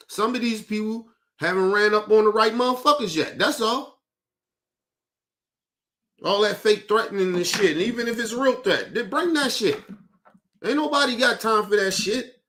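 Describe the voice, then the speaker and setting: Heated, cursing man with a high voice. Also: bright, forceful tone. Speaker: podcast host. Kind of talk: profane rant on a talk show.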